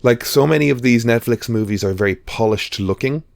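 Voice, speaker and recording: A man's voice: medium pitch, brisk, creaky, dry recording, clean studio sound. A man co-hosting a podcast, chatting casually about films, rambling with lots of fillers and restarts. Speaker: podcast co-host. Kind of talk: casual chat.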